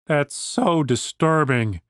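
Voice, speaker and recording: A man's voice: a little high, slow pace, a bit bright, no echo, clean studio sound. A man voicing a nervous young bard who keeps asking worried questions. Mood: uneasy. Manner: anxious, questioning.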